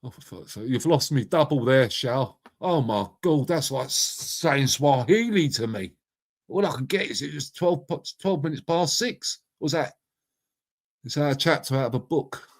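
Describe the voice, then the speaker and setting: Reading chat on his casual live stream, a middle-aged host greets viewers by name in a matey way and swears freely. He speaks in a mid-range voice with lively intonation at a moderate pace.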